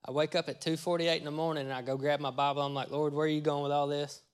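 A man preaching a testimony sermon, telling his story in a folksy way and acting out his own words with sudden loud bursts. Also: fairly high pitch, flat delivery, quick pace, clean tone. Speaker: pastor.

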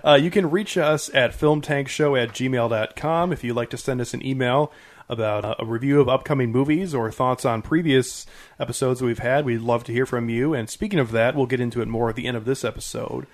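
A man's voice: medium pitch, fairly quick. Man, podcast host, casual banter, joking, swears freely.

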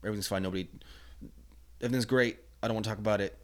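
A young man as a podcast guest in casual chat, rambling and animated. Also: lowish voice, racing. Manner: rambling, animated, restarts often.

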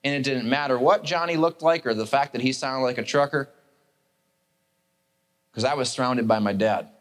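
A man's voice: medium pitch, moderate pace. A male pastor preaching a sermon, telling a story with animation and acting out the characters.

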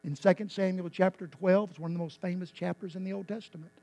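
A man's voice: high-pitched, steady tone, fast talker, no room sound. Impassioned preacher man. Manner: impassioned, swinging from quiet to loud with emphatic repetition. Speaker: pastor. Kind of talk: sermon.

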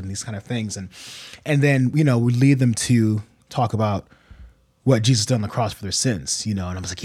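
Husky-voiced man, casual halting talk. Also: medium pitch, a little mellow. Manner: halting, restarts, acts out dialogue with his kids. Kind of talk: casual chat.

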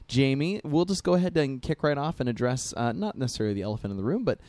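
A middle-aged man hosts a relaxed podcast chat, chatty and joking, often filling pauses with "uh" and "like". His voice sits at an ordinary middle pitch. The sound is dry and close, with no room around it. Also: dry recording. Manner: chatty, joking, lots of fillers. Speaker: podcast host.

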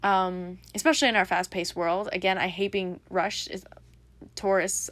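A woman's voice: medium pitch, steady tone, normal speed, fairly bright tone, dry recording. A young adult woman hosting a casual solo podcast, rambling and reflective with lots of fillers. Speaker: podcast host.

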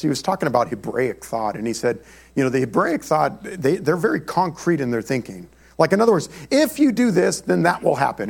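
Animated gravelly American man preaching. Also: on the high side. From United States. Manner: animated, conversational storytelling. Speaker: pastor. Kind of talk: sermon. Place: church.

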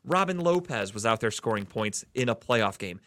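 A man's voice: on the low side, animated, normal speed, fairly bright tone. A man from the Cleveland area hosting a casual sports podcast, ranting heatedly and swearing often. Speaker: podcast host.

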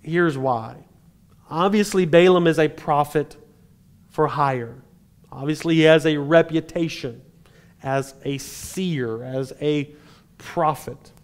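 Man, preacher, sermon, conversational, wry asides, slightly high-pitched. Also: takes it slowly. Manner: conversational, animated retelling with dry humor.

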